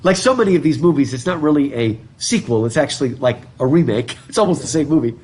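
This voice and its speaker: A male college professor with a husky voice lectures through a mask, reading passages aloud, digressing chattily and asking the class questions. His darkish voice is fairly high-pitched, with lively intonation and a quick pace, recorded on a classroom device.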